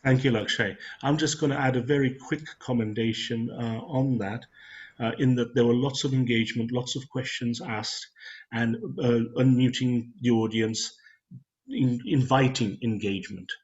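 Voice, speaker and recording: A man hosting an online club meeting, giving formal, measured speaker introductions. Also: medium pitch, fairly even intonation, darkish tone. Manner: measured, ceremonial, reads introductions. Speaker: meeting host. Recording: dull lo-fi video call audio.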